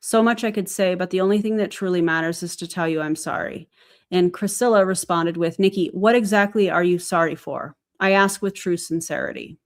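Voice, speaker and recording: A woman with a lowish voice hosts a live stream. She reads private messages aloud with steady, earnest care and adds brief remarks between them. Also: a little fast.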